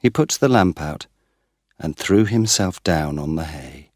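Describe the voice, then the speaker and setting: Slow, deep-voiced male storyteller. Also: expressive, a little mellow, no echo, clean studio sound. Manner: slow, careful, plain delivery. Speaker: narrator. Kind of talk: graded-reader story narration.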